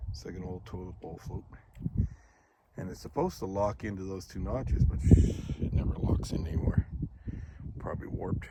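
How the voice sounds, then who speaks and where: Rancher guy, real low voice, chatty with his cows, noisy outside with cattle around. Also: normal speed, long pauses. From Alberta, Canada. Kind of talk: casual vlog chat. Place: outdoors in a snowy calving yard. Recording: outdoor wind and noise.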